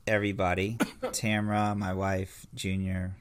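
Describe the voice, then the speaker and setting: A man co-hosting a podcast in casual chat, telling stories in a playful, animated way. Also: low voice, normal speed. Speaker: podcast co-host.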